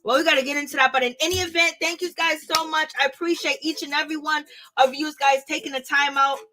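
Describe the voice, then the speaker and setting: Speaking fast over music, a young woman with a high voice vents to her viewers while reviewing reality TV. Her casual rant is exasperated, animated and slangy, aimed straight at the audience.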